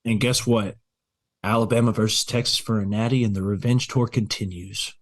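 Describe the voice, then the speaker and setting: A man's voice: lowish voice, steady tone, normal speed. A man co-hosting a casual sports podcast, talking in a brash, confident, trash-talking way as he makes his predictions. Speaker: podcast co-host.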